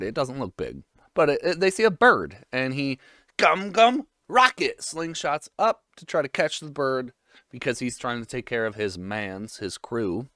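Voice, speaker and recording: A man's voice: mid-range voice, a bit bright, clean tone, no room sound, clean studio sound. Rambling, joking young man. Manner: rambling, irreverent, crude jokes. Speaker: vlogger. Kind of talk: casual anime episode recap.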